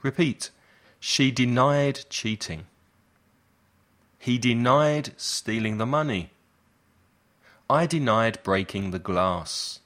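Slow, deliberate male teacher. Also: mid-range voice, a bit bright. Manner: slow, deliberate repetition for learners. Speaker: English teacher. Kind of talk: slow language lesson drills.

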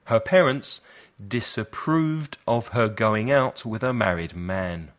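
A man leads a lesson. His voice sits a little low, and he speaks very slowly and deliberately. He repeats short phrases so learners can copy them. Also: fairly bright tone. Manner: slow, deliberate repetition for learners. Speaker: English teacher. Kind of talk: slow language lesson drills.

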